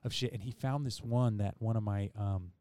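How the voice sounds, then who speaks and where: A man's voice: fairly low pitch, fairly even intonation, normal speed, dark tone, a little hiss or hum. A man hosting a podcast, telling a long story in casual chat, laid back and rambling, with restarts and swearing. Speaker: podcast host.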